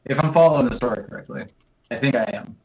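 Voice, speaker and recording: A man's voice: medium pitch, fast, a little mellow. Eager man on a dull lo-fi mic. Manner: eager, explains his story moves. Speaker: writer and stream co-host. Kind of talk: casual chat while playing a text game.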